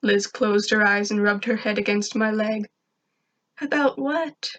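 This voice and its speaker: A woman reading a first-person fan fiction story aloud, steady and even. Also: medium pitch, moderate pace.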